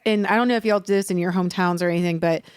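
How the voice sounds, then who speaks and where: A young woman, co-hosting a casual podcast and telling stories with lively acted-out quotes. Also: lowish voice, very fast, clear, resonant tone, dry recording. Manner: animated storyteller, acts out quotes. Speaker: podcast co-host. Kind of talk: casual chat.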